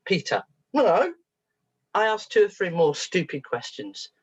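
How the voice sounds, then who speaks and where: A woman with a low, slightly husky voice speaks to an audience as a therapist. Her pitch swings widely as she jokes at her own expense. The recording sounds dull and lo-fi. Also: moderate pace. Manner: lively and humorous, with frequent laughs and self-mockery. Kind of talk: storytelling talk to an audience.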